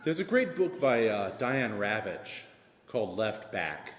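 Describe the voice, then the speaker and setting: A man with a Southern drawl, an assistant principal speaking on a panel, wordy and animated with self-deprecating jokes. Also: fairly low pitch, a little slow. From American South. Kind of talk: panel talk. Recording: echoey hall with long reverb.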